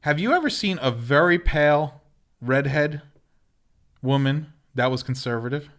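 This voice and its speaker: A man's voice: a little high, expressive, moderate pace, fairly bright tone. A man co-hosting a podcast, telling rambling stories in casual chat. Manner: rambling anecdotes with laughter and quoted voices. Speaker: podcast co-host.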